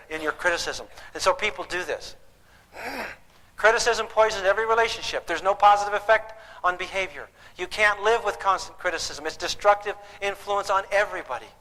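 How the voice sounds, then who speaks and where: An older man lectures on parenting to a live audience. He is folksy and jokes often, with a bright voice, and he keeps asking the room questions. His voice rings with hall reverb over a faint background hiss. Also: sits high.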